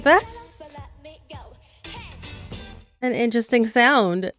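A woman hosts a casual K-pop reaction video, with unhurried, gushing talk and many excited exclamations. Her voice sits a little high, and faint music plays beneath her. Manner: gushing, exclaiming, laughing often. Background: show audio playing underneath.

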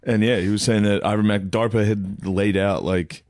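A man on a casual podcast, rambling in a deadpan, conspiratorial way. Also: fairly low pitch, normal speed, no room sound, studio quality. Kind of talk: casual comedic podcast chat.

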